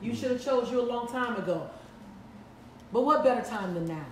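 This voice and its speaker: Slightly high and animated, this motivational speaker talks at normal speed, delivering emphatic, sermon-like lines to a live crowd and repeating them for impact. She's picked up from a distance in an echoey room with a bit of background noise.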